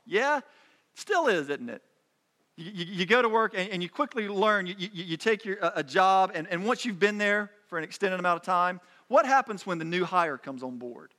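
Guy preaching, kinda high pitched, talks casual and emphatic, stumbles and restarts a lot. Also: animated, a little fast, bright, forceful tone. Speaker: pastor. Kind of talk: sermon.

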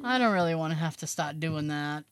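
Animated woman telling a story, dry sound. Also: deep voice, fairly quick, smooth, no room sound. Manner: animated, swears casually, laughs while telling stories. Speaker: podcast co-host. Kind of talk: casual storytelling chat.

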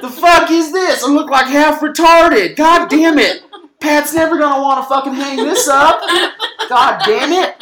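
A young outlaw gripes in a high, strained, cursing whine, as a man puts him on. The voice is sharp and bright and rings in an echoey room. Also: unhurried, exaggerated voice. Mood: outraged. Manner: cursing, whiny outrage. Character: furious young outlaw man griping about his photo.

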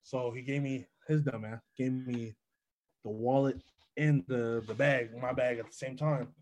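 A man's voice: medium pitch, a little slow, rough recording. Young man telling a profane story. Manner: profane, animated storytelling with slang. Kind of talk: casual chat.

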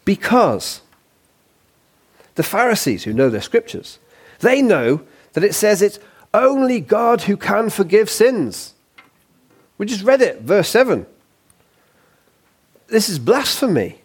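Male preacher with a husky, slightly high voice, who preaches conversationally and drops in jokes. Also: slow, long pauses. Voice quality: husky, lively and conversational, with playful asides. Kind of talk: sermon. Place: church.

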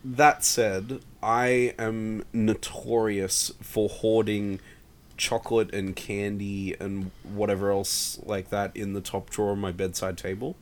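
Male co-host, slightly low pitch, dry teasing manner. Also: little pitch movement, takes it slowly. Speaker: podcast co-host. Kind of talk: casual chat.

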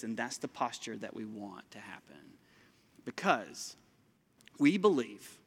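A man preaching a sermon from a church stage in a lively, conversational way, talking straight to the congregation. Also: medium pitch, unhurried, slightly rough. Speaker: pastor. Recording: long hall reverb.

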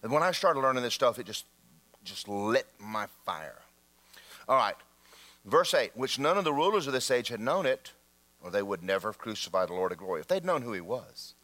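The pastor's voice sits in the middle range and moves at an ordinary speed as he preaches to his church. Animated anecdotes fill the sermon, with him voicing the people he quotes.

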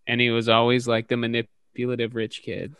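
A man's voice: mid-range voice, completely flat delivery, brisk, fairly bright tone, clear, resonant tone, no room sound, clean studio sound. A man co-hosting a casual podcast about a film, rambling and restarting his thoughts. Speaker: podcast co-host.

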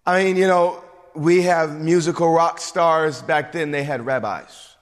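A man preaching a sermon in an emphatic, animated way, with frequent asides and restarts. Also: on the high side, unhurried, big-room sound. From suburbs.

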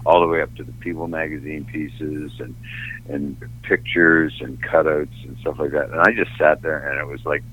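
An older man from Canada speaks in a low, husky register with a bright, forward edge to the tone. He tells personal stories as an interview guest, candid and emotional, stumbling and restarting his sentences as he goes. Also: level tone, moderate pace, rough recording. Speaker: actor guest. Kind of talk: anecdotal interview storytelling.

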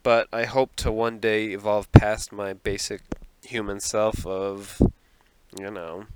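A man's voice: on the low side, level tone, takes it slowly, background noise. A man hosting a casual solo podcast at home, a little nervous, rambling and self-deprecating with lots of swearing and laughs. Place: apartment at home. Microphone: podcast microphone.

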